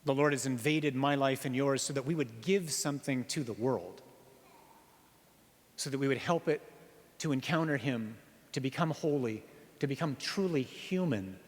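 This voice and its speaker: A priest giving an earnest sermon, slowing down on key phrases and asking the listeners rhetorical questions. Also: male voice, mid-range voice. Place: church. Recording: reverberant church hall.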